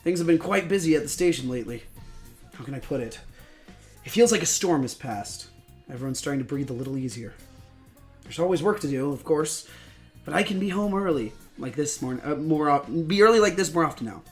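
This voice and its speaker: A hoarse man voicing a calm, kindly middle-aged detective father in a measured reading. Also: on the high side, faint music behind.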